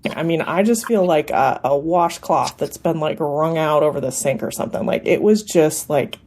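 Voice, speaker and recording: Woman, podcast co-host, casual chat, candid, emotional, slightly low pitch. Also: normal speed, a little mellow.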